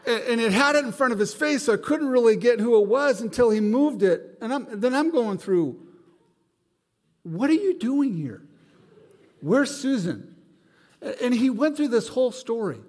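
Animated male preacher in a reverberant hall. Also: extremely high pitch, a little fast, few pauses. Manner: animated storyteller, acts out voices. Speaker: pastor. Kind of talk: sermon with personal story. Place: church sanctuary.

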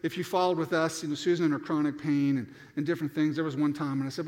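High-voiced pastor preaching in a reverberant hall. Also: male voice, fast talker. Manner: animated storytelling, acting out voices, frequent restarts. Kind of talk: sermon.

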